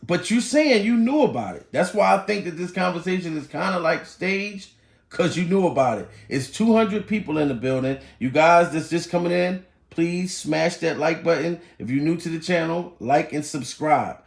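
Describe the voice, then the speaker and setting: A man's voice: on the high side, normal speed, gravelly, roomy sound. A man giving blunt, joking, profane commentary on a live stream as he reacts to clips. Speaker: YouTube commentator.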